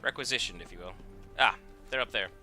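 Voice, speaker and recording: A man's voice: fairly low pitch, moderate pace, sharp tone, faint music behind. A man streaming a game, chatting casually and wryly to his chat as he plays. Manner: chatty, wry, talks to chat. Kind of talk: casual gameplay commentary.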